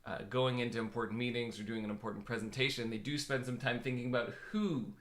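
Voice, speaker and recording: A man in his thirties who works as a business growth consultant, co-hosting a casual live stream in a relaxed, steady way. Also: medium pitch, quick pace. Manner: relaxed, laughs easily, explains steadily.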